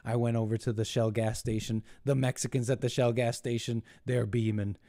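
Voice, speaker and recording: Here the US host of a live call-in program sounds dark in tone and medium in pitch, with little pitch movement, on a clean, echo-free studio recording. He mocks as he rambles, putting on voices for those he quotes, and keeps halting, restarting and laughing.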